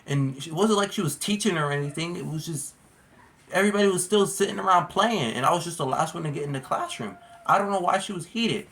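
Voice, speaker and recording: A man's voice: fairly high pitch, lively intonation, fast, a bit bright. A man casually telling a storytime vlog, rambling and slangy, full of "like" and "bro". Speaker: vlogger.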